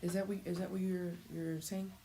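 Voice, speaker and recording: A woman's voice: fairly low pitch, level tone, fairly quick, dark tone, a little hiss or hum, poor audio. A young woman streaming a game, chatting casually with her viewers and stammering through her thoughts. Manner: stammering, talks to chat. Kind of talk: casual live gameplay commentary.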